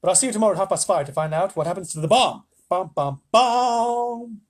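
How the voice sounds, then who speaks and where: Expressive male storyteller reading aloud for kids, slightly raspy tone, chatty asides. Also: high-pitched, very fast. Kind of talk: reading a children's book aloud on a live stream.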